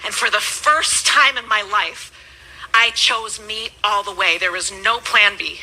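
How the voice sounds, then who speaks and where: A woman in her thirties, a business coach, giving an emphatic motivational speech that swings between loud and hushed. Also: medium pitch, measured pace, rough recording.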